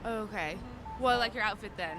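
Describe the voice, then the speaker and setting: A young woman chatting with a street interviewer outdoors, animated and talkative. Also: medium pitch, moderate pace, over loud music. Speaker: passerby interviewee. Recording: street noise behind.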